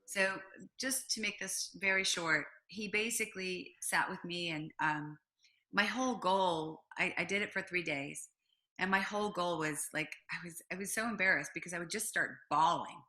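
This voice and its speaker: Guesting on an interview, a middle-aged businesswoman recounts something personal with frequent fillers and dramatized quotes, clearly an animated storyteller. She speaks at a moderate pace in a voice on the low side.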